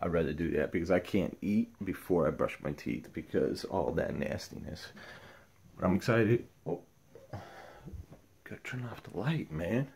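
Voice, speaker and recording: A man with a husky voice vlogs casually at a moderate pace, thinking aloud about his day and his dogs. He talks softly to his pets in a higher baby voice.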